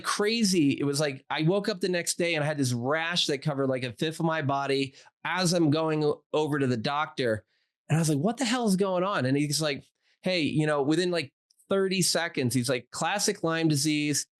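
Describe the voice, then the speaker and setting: A man in his forties speaks as a podcast guest with a somewhat higher voice. He tells his story casually and with animation, slipping into the voices of people he quotes and peppering his talk with "like.". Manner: animated, acts out quoted dialogue, many "like" fillers. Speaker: doctor and interview guest.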